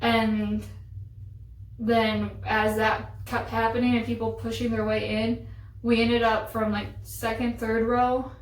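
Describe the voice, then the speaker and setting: A woman's voice: on the high side, little pitch movement, takes it slowly. A young woman telling a story in casual chat, chatty and exasperated, with lots of "like". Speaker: vlogger. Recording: roomy echo, voice from a distance.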